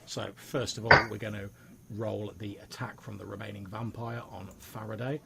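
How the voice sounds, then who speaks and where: A man acting as game master, narrating the scene in steady, descriptive detail. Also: on the low side, moderate pace, vocal fry, very noisy.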